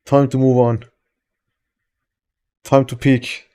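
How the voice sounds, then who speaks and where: A man with a Persian accent chats loosely on a live stream. He greets his viewers one by one and jokes and swears casually. His voice is warm and mellow, with a natural, mid-range pitch. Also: little pitch movement, takes it slowly, smooth. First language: Farsi.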